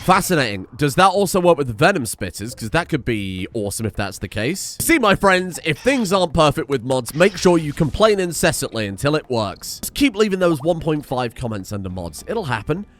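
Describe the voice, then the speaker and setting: A young man giving excitable, chatty let's play commentary and swearing freely. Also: on the high side, fairly quick, few pauses. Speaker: gaming streamer.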